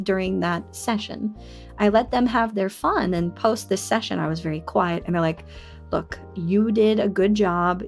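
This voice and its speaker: A young woman streamer telling a personal story to her chat in a candid, confiding way. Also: vocal fry. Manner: candid and confiding, bursts into high excited squeals at chat. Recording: faint music behind.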